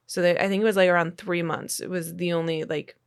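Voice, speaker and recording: A woman hosting a podcast, telling a true story in a relaxed, chatty way with fillers and laughs. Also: lowish voice, fast talker, clear, resonant tone. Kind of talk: casual storytelling chat.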